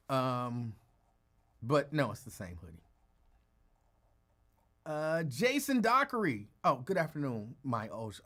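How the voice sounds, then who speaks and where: A man hosts a casual live stream and greets viewers one by one. His talk is rambling and full of self-corrections, and now and then it drops to a low mutter. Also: a bit bright. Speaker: host of a live call-in show.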